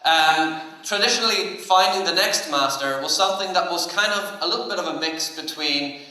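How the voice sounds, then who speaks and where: Male co-presenter, relaxed and hesitant, brightish voice, echoey venue. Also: high-pitched, moderate pace. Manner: relaxed, hesitant, many fillers. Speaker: conference speaker. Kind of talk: conference talk. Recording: echoey hall.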